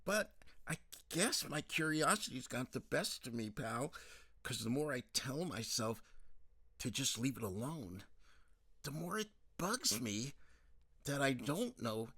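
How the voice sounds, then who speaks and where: A man's voice: medium pitch, very animated, unhurried, pushed and bright, breathy edge, dry recording, clean studio sound, heavily acted. A man voicing a hesitant man confiding his curiosity to a friend. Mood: uneasy.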